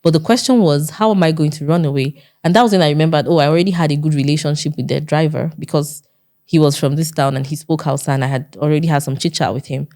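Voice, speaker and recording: A woman with a Nigerian accent and a notably low voice tells her own story as an interview guest. She speaks earnestly, often repeating herself and acting out the dialogue she remembers. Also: fast, warm tone.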